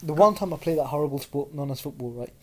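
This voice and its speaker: A woman's voice: low-pitched, quick pace, crowd noise. A woman co-hosting a podcast in casual chat, teasing and playfully boastful. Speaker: podcast co-host.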